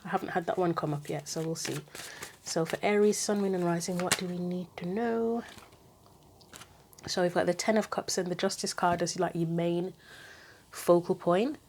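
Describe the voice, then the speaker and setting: A woman with a lowish voice giving a casual tarot reading. She muses aloud in chatty asides and reads card guidance aloud from a book. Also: moderate pace, darkish tone, slight background noise. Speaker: tarot reader.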